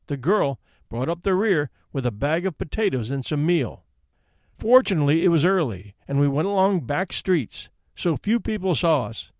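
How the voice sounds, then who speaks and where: A man hosting a story podcast, reading a classic tale aloud with expressive narration. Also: on the high side, no echo, clean studio sound.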